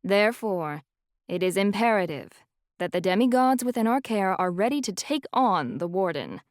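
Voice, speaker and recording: A woman's voice: mid-range voice, big pitch swings, moderate pace, dry recording, clean studio sound, natural voice. A woman voicing a cheerful, spiritual elderly woman professor who talks in a lilting, airy way. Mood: earnest.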